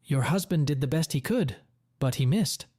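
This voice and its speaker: A man's voice: on the high side, lively intonation, normal speed, mellow, no room sound, clean studio sound. A man voicing a blunt, confrontational middle-aged father in a story reading. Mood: angry.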